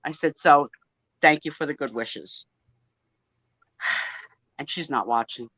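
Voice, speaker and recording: A woman's voice: low voice, slow pace, husky, dry recording. A middle-aged woman, telling stories in a casual chat on a video call. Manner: chatty, storytelling, animated. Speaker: guest on a live sale chat. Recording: dry, dull lo-fi call audio.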